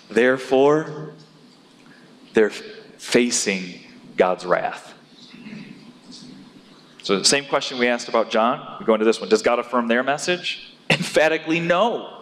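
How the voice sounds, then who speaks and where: A man preaching a sermon in an animated way, rising to loud, emphatic peaks as he drives his points home. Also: medium pitch, unhurried, pauses often. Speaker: pastor. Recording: long hall reverb.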